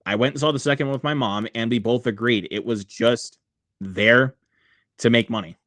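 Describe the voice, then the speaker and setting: A man's voice: mid-range voice, moderate pace, a bit bright, no room sound, clean studio sound. A man hosting a casual livestream, rambling with many fillers and reading viewer comments aloud. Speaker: livestream host.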